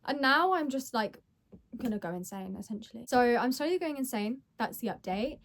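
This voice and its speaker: A woman's voice: on the high side, expressive, moderate pace, dry recording. A young woman talking casually in a reading vlog, giggly, emotional and rambling. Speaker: book vlogger.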